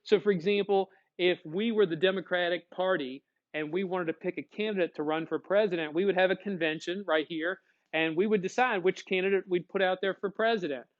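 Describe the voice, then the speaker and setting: A man teaching a classroom lecture, lively, acting out short dialogues as he explains. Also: sits high, fairly quick, narrow, tinny audio. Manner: animated, acts out little dialogues.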